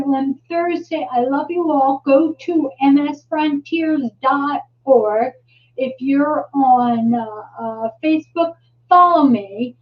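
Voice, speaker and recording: High, unhurried woman host, rambling live-stream chat, heard from a distance on a dull lo-fi mic. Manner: rambling, halting, many restarts and fillers.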